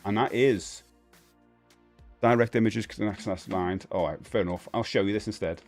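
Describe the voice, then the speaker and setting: A man's voice: on the low side, normal speed, faint music behind. A man in his forties with a Cockney London accent, hosting a live stream in a casual, rambling chat with lots of fillers and restarts. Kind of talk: casual chat, reading viewer comments.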